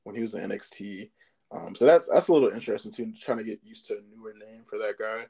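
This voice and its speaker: A man's voice: on the low side, quick pace, creaky, warm tone, slightly rough. A man co-hosting a podcast in casual chat, laid-back and agreeable, often laughing. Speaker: podcast co-host.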